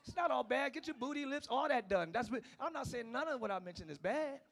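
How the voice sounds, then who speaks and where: A male pastor preaching a passionate sermon, swinging between shouting and hushed tones and talking straight to the congregation. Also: extremely high pitch, lively intonation, quick pace, few pauses. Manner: talks directly to the congregation, calling them y'all.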